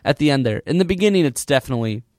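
Animated man, lively swooping voice. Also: medium pitch, very fast, dry recording, clean studio sound. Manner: laughs often, animated, imitates music sounds. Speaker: podcast co-host reviewing a film score. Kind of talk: casual chat.

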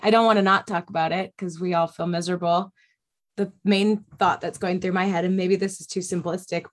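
A woman co-hosts a casual podcast discussion in a lowish voice. She speaks in a reflective, peace-making way and eases her points with soft laughter. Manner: reflective, gently laughing, conciliatory. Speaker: podcast co-host.

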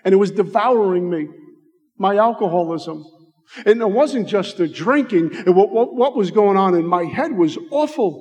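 A middle-aged American man giving a heartfelt personal recovery testimony, slowing down to stress his words. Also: sits high, animated, a little mellow. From United States. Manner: heartfelt, slows down for emphasis. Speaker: recovery speaker. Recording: long reverb of a hall.

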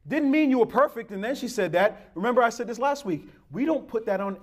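A man preaching a sermon to his congregation, who calls them "beloved" and acts out a stern grandmother's voice, swinging from loud exhortation to soft, low asides. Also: animated, fairly quick. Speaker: pastor.

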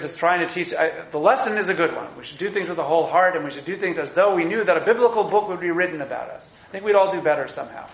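A man teaching a text study class, animated and enthusiastic, acting out the lines he quotes. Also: a little high, echoey room, lo-fi sound. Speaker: Torah teacher.

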